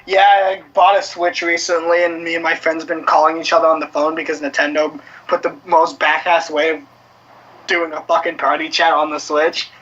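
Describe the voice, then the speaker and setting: Co-host type: a high-voiced man with a sharp, bright tone, chatty and profane, recorded lo-fi. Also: normal speed. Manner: animated, profane, shouts in bits. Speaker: podcast co-host. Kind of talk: casual gaming chat. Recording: dull lo-fi audio.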